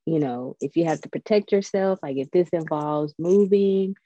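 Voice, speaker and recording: A woman in a casual spiritual chat, telling stories in a chatty, animated, digressive way. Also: low-pitched, normal speed, no echo, muffled recording. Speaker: spiritual guest.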